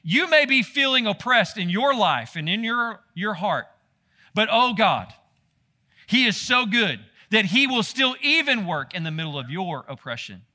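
A man preaching a sermon, animated and talking straight to his listeners. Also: sits high, measured pace. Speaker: pastor.

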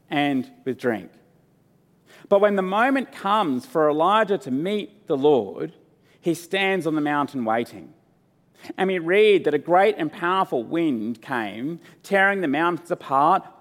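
Male pastor preaching, earnest and unhurried, long echo like a big church. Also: on the high side. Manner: earnest, unhurried preaching with rising emphasis, softening to a hushed prayer. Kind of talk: sermon. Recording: long hall reverb.

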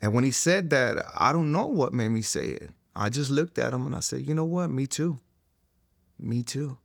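An earnest middle-aged man recounts his story in a conversational interview. His voice sits in a middle range and sounds dry and close, with no room around it. He fills his talk with "you know" and drops almost to a hush at the moments that matter most. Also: medium pitch, lively intonation, normal speed, creaky, dry recording. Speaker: interviewee telling his testimony. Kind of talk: conversational testimony. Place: recorded interview in a studio room.

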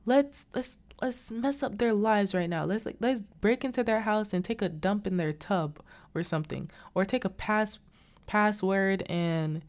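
A woman voicing a reckless woman wild with adrenaline, scheming out loud. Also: medium pitch, unhurried, voice pushed up, close to an everyday voice.

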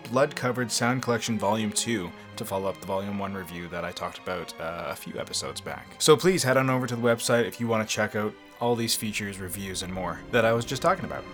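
A man's voice: fairly low pitch, fast talker, few pauses, a bit bright, faint music behind. A man hosting a podcast in casual chat, talkative and laughing often. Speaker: podcast host.

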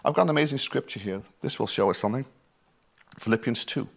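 A pastor preaching a sermon, reading scripture with emphasis, mixing quiet asides with loud, drawn-out lines and chatty "you know"s. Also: male voice, medium pitch, vocal fry. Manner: reads scripture aloud with emphasis.

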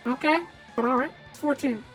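A woman's voice: high voice, moderate pace, soft background music, rough recording. A woman playing a tabletop game, earnest and plain. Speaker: player.

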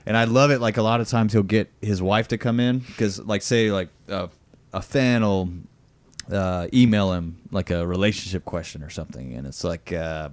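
A man's voice: fairly low pitch, moderate pace, dry recording. A man hosting a podcast, chatting casually, laughing often and acting out comedy bits as he retells them. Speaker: podcast host. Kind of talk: casual chat.

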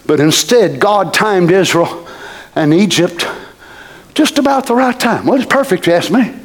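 A man preaching a sermon, fervent and building to shouted exclamations. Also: high voice, lively intonation, moderate pace. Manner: fervent, rises to shouting with bursts of hallelujah.

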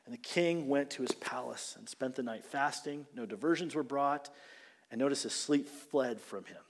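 A male pastor preaching a sermon, retelling the story with animated, dramatic delivery and acted-out quotes. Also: medium pitch, normal speed. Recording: long reverb of a large hall.

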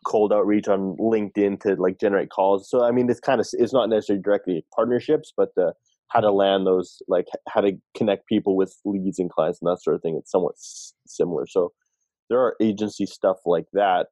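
A man's voice: sits low, steady tone, brisk, warm tone, no room sound. A man on a team talking through ideas in a meeting, hesitant and full of restarts. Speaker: team member. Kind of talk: casual meeting discussion.

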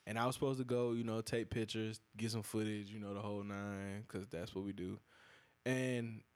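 A man's voice: normal speed, clear, resonant tone. A young adult man, hosting a podcast and telling a casual, profane story, acting out other people's lines with big jumps in his voice. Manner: animated, profane, acts out quoted lines with big pitch jumps. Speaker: podcast host.

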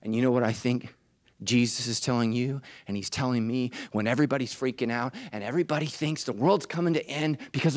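A male pastor preaches a sermon in church, moving between hushed, low lines and high, shouted ones with urgent repeated refrains. His tone stays steady and his pace brisk, on a dry recording.

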